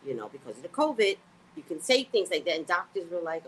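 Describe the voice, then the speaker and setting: A woman's voice: fairly low pitch, moderate pace, a little hiss or hum. A woman vlogger telling a story in a casual, profane rant, acting out the people she quotes. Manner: animated, profane, acts out quotes.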